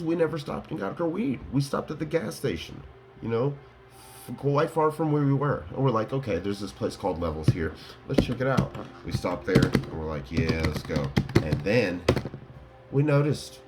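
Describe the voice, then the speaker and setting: A man's voice: lowish voice, background noise. A man casually telling his viewers a rambling story, laughing and full of fillers. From Colorado. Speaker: vlogger.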